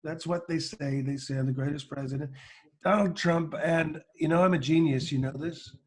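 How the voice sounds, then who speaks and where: A man's voice: fairly high pitch, steady tone, normal speed, close to an everyday voice. Brash self-praising older male politician, put on by a comedian; boastful, repetitive. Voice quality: bragging, repetitive.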